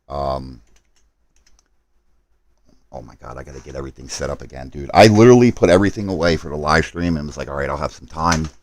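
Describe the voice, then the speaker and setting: Very low-voiced man rushing through a stream setup. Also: no echo. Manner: rushed, apologetic, talking to chat while multitasking. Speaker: gaming live streamer. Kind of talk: casual live stream chat.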